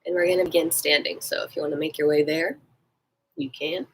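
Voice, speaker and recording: A woman fitness instructor with a sleepy voice, calmly guiding a gentle stretching class. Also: sits low, a little fast, gravelly, slight background noise, poor audio. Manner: gentle, calm cueing. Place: at home in Florida.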